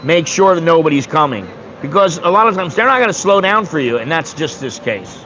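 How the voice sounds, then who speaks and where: A man's voice: fairly high pitch, animated, fairly quick, pushed and bright, slight background noise, low-quality recording. A man in his sixties from the United States, rambling bluntly and with some swearing in a casual livestream chat. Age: 60s. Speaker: streamer.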